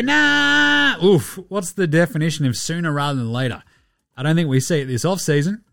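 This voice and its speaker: A man's voice: medium pitch, no echo. Sweary Australian man, dry close sound. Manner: sweary, blunt, mocking put-on quotes. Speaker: podcast host. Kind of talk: casual sports chat.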